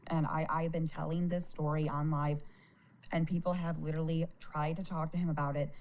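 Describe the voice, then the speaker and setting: A woman chats casually on a livestream with a fairly low-pitched voice. She sounds worried and exasperated, often tripping over her words and repeating them. She swears freely as she talks. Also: level tone, a little fast, a little mellow. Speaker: live streamer.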